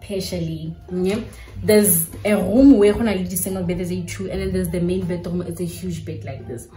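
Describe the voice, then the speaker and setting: Animated South African woman, echoey room. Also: lowish voice, moderate pace. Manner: animated, chatty storytelling. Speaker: YouTuber. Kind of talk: storytime vlog. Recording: echoey room with faint music.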